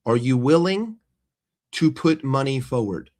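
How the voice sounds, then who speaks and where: A man's voice: medium pitch, lively intonation, a little slow, darkish tone. Blunt, sarcastic man ranting about football. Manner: blunt, sarcastic, swearing, repetitive. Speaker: football fan vlogger. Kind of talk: casual fan rant to camera.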